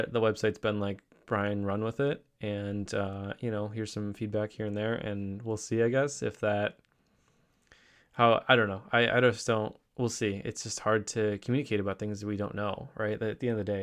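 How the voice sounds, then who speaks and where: Rambling, upbeat man vlogging. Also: on the low side. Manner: rambling, many restarts and fillers; upbeat, excited. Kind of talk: casual daily vlog.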